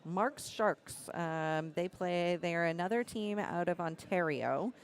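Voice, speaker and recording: A woman's voice: on the low side, slow. A woman co-hosting a pool tournament live stream, announcing upcoming matches in an informative way. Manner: informative, laughs easily. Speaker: stream co-host.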